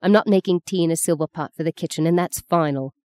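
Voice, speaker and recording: A cheeky young woman who answers back in short, defiant bursts, as a woman reading a story puts her on. The voice is slightly raised and mellow, with a flippant edge. The recording is dry and close. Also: sits low, fast talker, smooth, no echo, lightly acted. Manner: flippant, terse.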